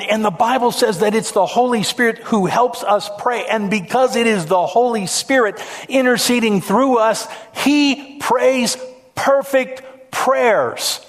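A male pastor preaching a sermon from a church stage, storytelling in an emphatic way with repetitions. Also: high-pitched.

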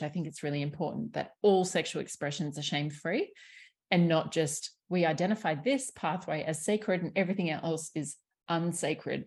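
In a relaxed podcast chat, a sexuality coach with a low, husky voice talks candidly and with animation. She swears freely and laughs often, keeping her delivery open and conversational.

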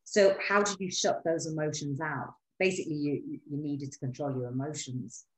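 Woman interviewer, deep voice, feels her way through probing questions, echoing room. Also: steady tone, normal speed. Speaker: podcast host. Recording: roomy echo.

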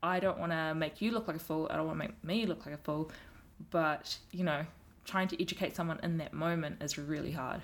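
A woman's voice: deep voice, brisk, hardly any pauses. A woman with a New Zealand accent, talking frankly and emphatically in a casual conversation. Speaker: guest.

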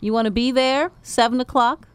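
A woman's voice: on the high side, fairly even intonation, moderate pace, smooth, no room sound. A woman appearing as a guest on a radio show to promote an event, speaking in an encouraging and affirming way.

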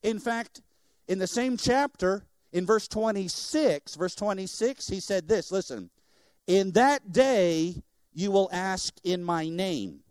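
A middle-aged man, a missionary preacher, giving an animated sermon in church and joking with the congregation. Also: high-pitched, clear, resonant tone, no room sound, clean studio sound.

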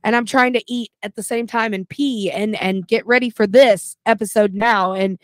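A woman podcast co-host telling a story in a casual, animated and profane way. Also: medium pitch, moderate pace, no room sound.

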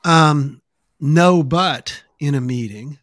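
A man's voice: on the high side, takes it slowly, fairly bright tone, dry recording, clean studio sound. A man hosting a podcast interview, thinking aloud and building his points in lists. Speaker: podcast host. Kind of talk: interview conversation.

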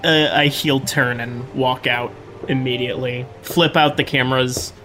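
A man's voice: mid-range voice, fairly even intonation, measured pace, sharp tone, a little hiss or hum. A man playing a tabletop role-playing game, joking and casual. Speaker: player.

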